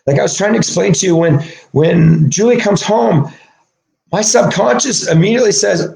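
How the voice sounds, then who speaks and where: A man delivering an emotional monologue, agitated and swearing, swinging from low mutters to shouting. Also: normal speed, vocal fry. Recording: echoey room.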